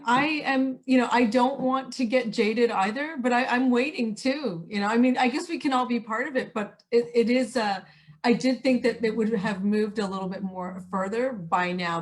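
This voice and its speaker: Woman, film programmer, thoughtful, halting, higher voice, video call. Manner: reflective, hesitant, many fillers. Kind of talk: panel discussion.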